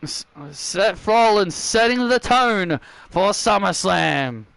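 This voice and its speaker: High-voiced man doing wrestling commentary. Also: slow, vocal fry, clear, resonant tone, faint music behind. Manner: excitable, repeats himself. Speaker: host and game commentator. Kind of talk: play-by-play wrestling game commentary.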